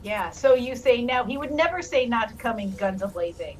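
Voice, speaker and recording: A woman playing in a tabletop game, joking in an animated, indignant way. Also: on the high side, fairly quick, distant mic, soft background music. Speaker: player. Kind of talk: casual tabletop chat.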